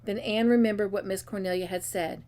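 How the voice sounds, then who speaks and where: Woman narrator, storybook reading, expressive and lively with dialogue. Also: mid-range voice, fairly quick. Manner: expressive reading with character voices. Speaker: storybook reader. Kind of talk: reading a novel aloud.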